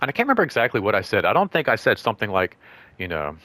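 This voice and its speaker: A man hosting his own show, telling a story in a loose, rambling way, full of fillers, and acting out quoted lines in a higher voice. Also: big pitch swings, quick pace, bright, forceful tone, dry recording. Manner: rambling, full of "like" and "you know"; acts out quoted speech in raised voice. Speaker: show host. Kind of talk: casual storytelling vlog.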